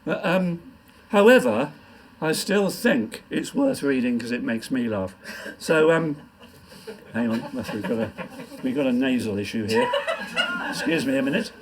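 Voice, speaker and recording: Older guy reading funny poems in a pub, husky, rambly, bouncing pitch. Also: measured pace. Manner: rambling, self-mocking, lively delivery. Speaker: comic poet. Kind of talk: live stand-up poetry reading. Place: pub function room.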